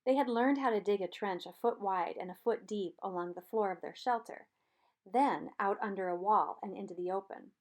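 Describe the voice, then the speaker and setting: Woman reading an audiobook chapter. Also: medium pitch. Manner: steady, measured storytelling. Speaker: audiobook narrator.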